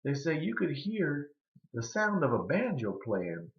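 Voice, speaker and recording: A man telling a folk tale, drawling and dramatic, with hushed pauses. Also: on the high side, wildly swooping pitch. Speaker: storyteller. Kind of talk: folksy storytelling. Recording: roomy, slightly dull recording.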